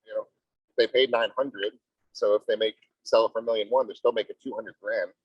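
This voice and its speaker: A man's voice: fairly even intonation, brisk, slightly rough, dry recording. A man, a real estate agent, talking emphatically in a team meeting and often asking "right?". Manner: emphatic, salesy, repeats "right?". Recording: muffled low-fidelity audio.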